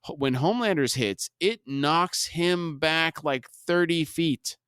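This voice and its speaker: A man's voice: on the high side, measured pace, a bit bright, smooth, no echo, clean studio sound. A man co-hosting a podcast, steadily narrating a TV episode scene by scene with brief comments. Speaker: podcast co-host. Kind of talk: scene-by-scene recap reading.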